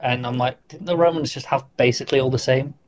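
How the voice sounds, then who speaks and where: A man, co-hosting a podcast in casual chat with relaxed, wry asides. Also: mid-range voice, fast talker, dull audio. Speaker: podcast co-host.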